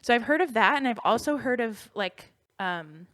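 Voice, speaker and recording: A woman's voice: on the high side, animated, normal speed, a bit bright, no echo, clean studio sound. A young woman co-hosting a podcast, chatting casually in a giggly, rambling way. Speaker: podcast co-host. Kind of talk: casual chat.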